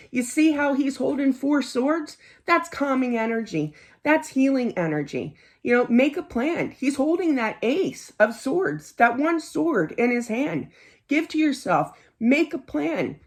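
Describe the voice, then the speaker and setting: A middle-aged woman reads tarot cards in a casual, heartfelt chat. Her voice sits a little high and moves up and down a lot as she talks. She is earnest and laughs easily. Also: animated, a little slow. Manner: chatty, earnest, laughs easily, lots of "you know". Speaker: tarot card reader.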